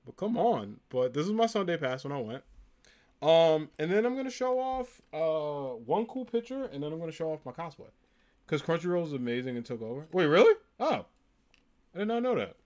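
A man's voice: on the high side, sing-song, fairly quick, a little mellow. A young man with a New Jersey accent chatting casually on a live stream, upbeat and full of ums and likes. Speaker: live streamer showing a convention haul.

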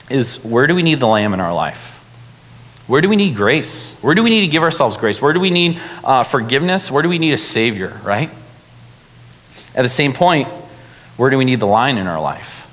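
Casual young man preaching in a reverberant hall. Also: fairly low pitch. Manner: casual, animated preaching with many fillers. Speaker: pastor. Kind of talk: sermon. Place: church hall.

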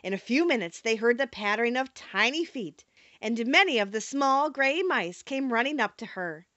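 A woman narrating a storybook audiobook in an expressive reading manner. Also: a little high, moderate pace, dry recording, lo-fi sound.

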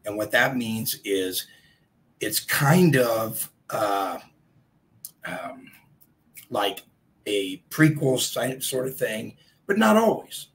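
A man hosting a casual live stream, chatting in a rambling way and greeting viewers by name, his voice a bit congested and hoarse. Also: mid-range voice, sing-song, slow, pauses often, poor audio.

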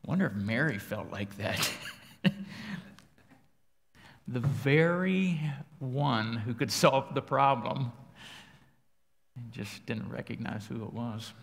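A man preaching a sermon in a church, telling folksy stories and moving between hushed prayer and loud emphasis. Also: medium pitch, takes it slowly, gravelly, long pauses, a little hiss or hum. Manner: folksy storytelling, swings from quiet prayer to loud. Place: church sanctuary. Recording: church livestream with long hall reverb.

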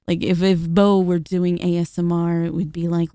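A woman's voice: on the low side, level tone, unhurried, dark tone, smooth, no echo, studio quality. A young adult woman streamer talking casually to her viewers, rambling and hesitant with lots of fillers and small laughs. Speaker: VTuber streamer. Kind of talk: casual talk to camera.

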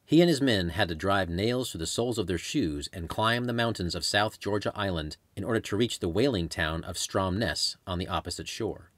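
Deep-voiced man reading his memoir. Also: dry recording. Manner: measured storytelling with lively intonation. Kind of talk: audiobook memoir narration.

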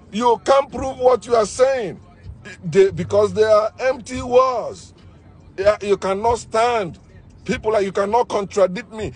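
A man's voice: high voice, breathy edge. A man delivering a combative, scornful monologue, repeating his points as he argues. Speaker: online commentator. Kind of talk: ranting monologue.

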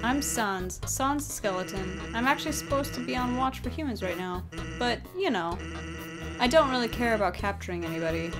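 A woman voicing a lazy, laid-back male skeleton from a video game, dropping her voice lower and talking casually. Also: lively intonation, fairly quick, over music, close to an everyday voice.

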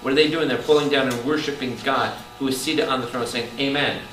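Fairly quick and mid-range in voice, this male Catholic priest keeps his Bible study lively by firing question after question at listeners and breaking into loud outbursts. It was captured from a distance in an echoing room with noticeable background noise.

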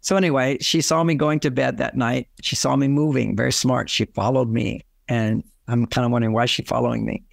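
An older man giving relationship advice through lively personal stories, often acting out both sides of a conversation. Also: mid-range voice, fairly quick, vocal fry, few pauses, no room sound. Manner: animated storyteller, acts out dialogue. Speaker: relationship author and guest.

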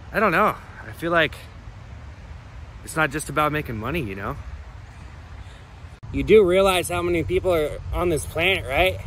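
A man's voice: a little high, sharp tone, slight background noise. A man giving a comedic, rambling rant to unseen haters, full of rhetorical questions and swearing, recorded outdoors on a hike. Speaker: comedy vlogger.

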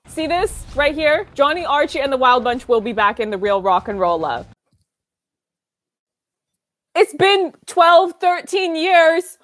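A young woman giving casual watch-party commentary on a film, excitable and gushing, laughing often. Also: high-pitched, takes it slowly, pauses often, a little hiss or hum.

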